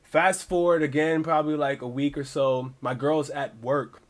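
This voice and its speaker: A streamer tells a story in a loose, animated way, swearing freely and restarting his sentences as he goes. His voice sits a little higher than most men's. He sounds casual and unscripted. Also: normal speed. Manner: animated, profane, rambling storytelling with many restarts.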